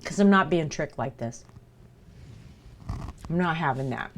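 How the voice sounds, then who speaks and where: A woman's voice: sits low, expressive, measured pace, slight background noise. A woman streamer chatting casually with her viewers, talking while she eats. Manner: chatty, talks to chat while eating. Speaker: livestreamer. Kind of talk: casual livestream chat.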